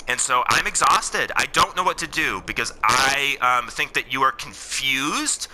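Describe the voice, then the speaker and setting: A man's voice: medium pitch, unhurried, pushed and bright, a little hiss or hum. A man giving heated, profane commentary straight to his viewers while playing a game. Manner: heated, swears, talks to the audience directly. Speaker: political commentator. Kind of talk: ranting commentary while gaming.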